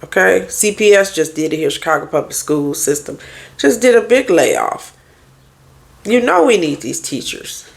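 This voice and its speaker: A woman's voice: on the low side, very animated, moderate pace, gravelly. A woman therapist and life coach talking candidly in a casual podcast monologue, firing off rhetorical questions to her listeners.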